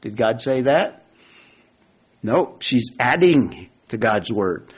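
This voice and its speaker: A man preaching an expository sermon, slowly repeating key phrases and putting questions to his listeners. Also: mid-range voice, sing-song, slightly rough. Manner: slow, deliberate, repeats key phrases, asks the audience questions. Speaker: preacher teaching from Genesis.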